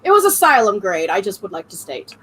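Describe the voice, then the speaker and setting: A woman's voice: mid-range voice, very animated, brisk, fairly bright tone, breathy edge, low-quality recording. A woman co-hosting a casual online chat show over a video call, blunt and joking. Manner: blunt, joking, reads donations aloud. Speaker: co-host.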